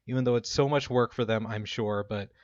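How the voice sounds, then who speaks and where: A man co-hosting a podcast in casual chat, animated and laughing often. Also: medium pitch, fairly quick, no room sound. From Minnesota. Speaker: podcast co-host. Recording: dull lo-fi mic.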